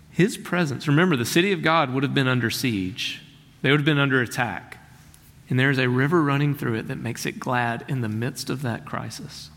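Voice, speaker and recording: A man preaching from the pulpit at a medium pitch. He is earnest and emphatic, often dropping to a slow, hushed delivery on the lines that matter. His voice rings out with a long hall reverb. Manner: earnest, emphatic preaching with slowed, softened key phrases. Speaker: pastor. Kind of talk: sermon.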